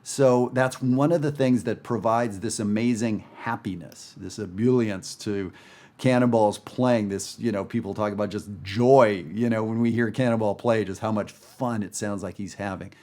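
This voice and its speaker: A man's voice: lowish voice, steady tone, normal speed, mellow. A man teaching a casual guided jazz listening lesson, chatty and enthusiastic with frequent fillers. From Northern Virginia area. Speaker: jazz educator. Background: jazz record playing.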